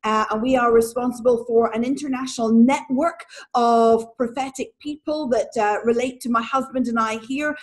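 Northern Irish woman, 40s, guest on an interview, bright higher register, animated and laughing. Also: normal speed, few pauses. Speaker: guest, prophet and church leader. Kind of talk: casual interview talk.

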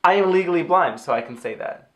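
A man co-hosting a casual review chat, agreeable, with short quick replies. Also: high voice, lively intonation, a bit bright. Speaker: podcast co-host. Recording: roomy echo.

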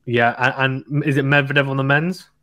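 A man hosts a relaxed tennis conversation, talking in a lively, chatty way and often breaking into laughter. His voice sits at an ordinary middle pitch. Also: fairly quick. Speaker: tennis podcast host. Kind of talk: casual chat with a guest.

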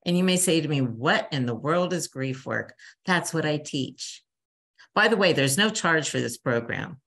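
Her deep, expressive voice moves at a normal speed. The older bereavement counselor talks chattily to a church grief group, warmly teaching and performing little quotes.

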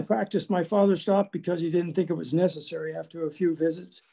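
Older man giving a measured lecture. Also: a little high, level tone, gravelly, darkish tone, breathy edge. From Canada. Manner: measured, slow storytelling with small restarts. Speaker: guest lecturer. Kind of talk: prepared lecture with anecdotes.

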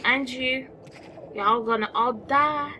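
A woman's voice: high voice, slow, pushed and bright, lo-fi sound, a little hiss or hum. A woman giving casual let's-play commentary, chatty, talking to the game creatures, exclaiming and muttering as she plays. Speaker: gameplay commentator. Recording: music playing behind the voice.

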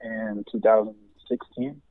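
A man's voice: fairly low pitch, flat delivery, a little slow. A man, calling in as a guest and talking casually, cursing a lot. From Jamaica. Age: 20s. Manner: laid-back, laughs easily, swears casually. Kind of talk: casual phone interview. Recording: tinny phone line.

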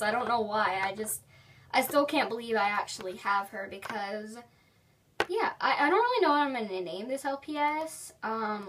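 A woman's voice: medium pitch, moderate pace. A young woman hosting a casual unboxing vlog, gushing and giggly, rambling with many "like"s. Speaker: toy unboxing vlogger. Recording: distant camera mic, faint noise.

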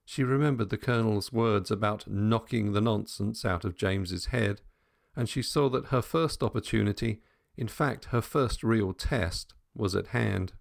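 Male audiobook narrator, gravelly, lowish voice, measured pace. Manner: measured storytelling. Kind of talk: scripted narration.

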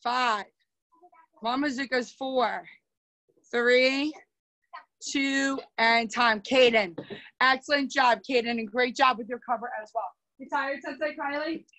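A young woman teaching a karate class over a video call, brisk and commanding as she cues and counts drills. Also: sits high, fairly bright tone, distant mic, rough recording. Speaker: karate instructor.

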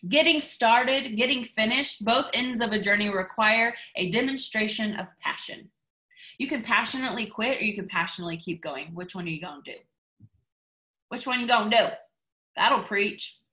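A woman's voice: a little high, normal speed, sharp tone. A woman giving a motivational talk to her team over a video call, in a chatty, gushing way. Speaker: team leader.

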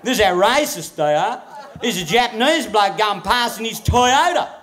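An Australian man doing live stand-up comedy in a crude, profane style, shouting his punchlines. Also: sits high, expressive, moderate pace, faint music behind. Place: comedy venue with audience. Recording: echoey live venue with crowd noise.

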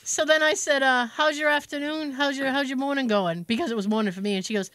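A woman's voice: high-pitched, quick pace, fairly bright tone, no echo. An American woman co-hosting a podcast, telling a story in a casual chat and acting out both sides of a phone call. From United States. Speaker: podcast co-host.

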